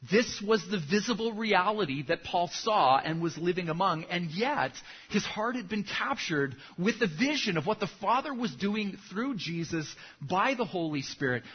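A man's voice: high-pitched, husky, muffled recording. A man who is a pastor, preaching a sermon and telling a story with acted punchlines.

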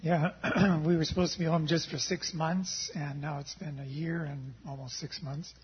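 A hoarse man who is a missionary guest, answering interview questions and pausing to clear his throat. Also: fairly high pitch, fairly even intonation, a little hiss or hum. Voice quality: husky. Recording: dull lo-fi sound.

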